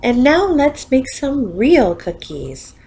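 A woman voicing a calm, kindly female schoolteacher in a children's storybook, speaking in a reassuring, unhurried way. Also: sits high, gravelly, slightly rough, pitched above the performer's own voice, heavily acted.

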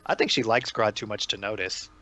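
An easygoing man plays in a tabletop role-playing game, chatting casually and laughing often. His voice is on the low side and bright, almost sharp, in tone. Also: brisk, muffled recording. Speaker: player.

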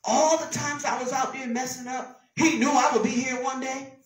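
A woman preaching a sermon with an emphatic, repetitive cadence, swinging between loud exclamations and hushed whispers. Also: high-pitched, steady tone, moderate pace. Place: church sanctuary. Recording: roomy church sound from a distance.

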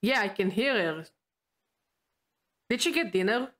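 A woman's voice: medium pitch, animated, a little slow, fairly bright tone. A woman streaming a video game, chatting playfully with viewers and putting on character voices. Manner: playful, talks to viewers and chat.

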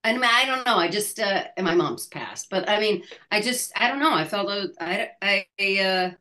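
A woman in her sixties being interviewed, who talks haltingly, hunts for her words and laughs between thoughts. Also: mid-range voice, animated, pushed and bright. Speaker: actress, interview guest. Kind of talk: casual interview chat.

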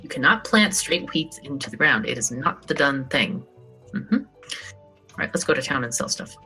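A woman's voice: deep voice, lively intonation, normal speed, pushed and bright, faint music behind. A woman co-playing a farming game, chatting casually, explaining things and laughing often. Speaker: co-op gaming guest. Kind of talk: casual let's-play chat.

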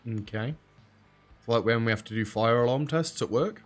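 A man with an English accent that drops his H's and T's gives casual, sarcastic let's play commentary. His voice sits at medium pitch and moves a little fast, with soft music playing in the background. He comes across as dry and chatty.

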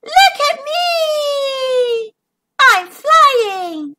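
A woman's voice: very high-pitched, animated, unhurried, bright, forceful tone, voice pushed up, heavily acted. A woman voicing a tiny, clumsy, eager young female ladybug, with squealing, breathless exclamations. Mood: overjoyed.

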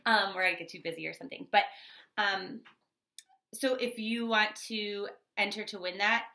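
A bubbly woman chats through a tarot reading, full of fillers and quick asides. Her voice is bright with a gravelly edge. The room around her echoes. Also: mid-range voice. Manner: bubbly, chatty, lots of fillers. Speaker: tarot reader. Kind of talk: casual tarot reading vlog.

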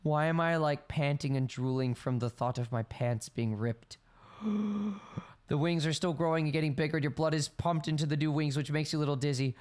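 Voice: medium pitch, fast. A gameplay streamer reading the game's text aloud between melodramatic, playful outbursts and comic panicked repeats. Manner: repeats lines in comedic panic. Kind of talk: let's play, reading game text aloud with reactions.

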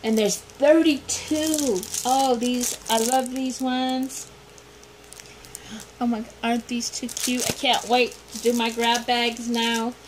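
Slow-talking gushy woman unboxing stuff, gasps a lot, kinda noisy recording. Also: on the high side, fairly even intonation. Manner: gushing, gasping, repeats exclamations. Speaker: vlogger unboxing a gift swap. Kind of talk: excited unboxing chat. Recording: noticeable background noise.

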